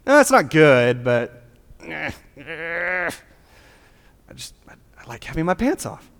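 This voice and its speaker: A man's voice: on the high side, big pitch swings, takes it slowly, gravelly, fairly bright tone, exaggerated voice. A man preaching, briefly voicing a lazy, self-excusing young man in a mock-sheepish drawl. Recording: long hall reverb.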